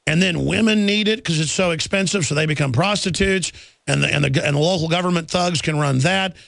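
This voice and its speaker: A man's voice: fairly high pitch, a little fast, creaky, a bit bright, no echo. A man hosting a talk radio show, speaking in an emphatic, ranting way. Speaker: radio host.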